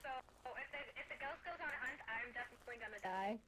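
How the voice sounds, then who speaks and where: Bright, high-voiced woman gamer. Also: lively intonation. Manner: playful, quick to laugh. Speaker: gamer on a group stream. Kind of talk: casual gaming chat.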